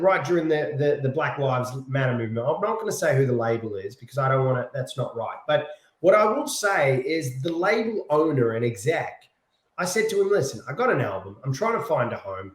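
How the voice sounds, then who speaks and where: A man, a pop singer being interviewed, telling stories in an animated, casual way and repeating words while he thinks. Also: fairly high pitch. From Australia. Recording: echoey room.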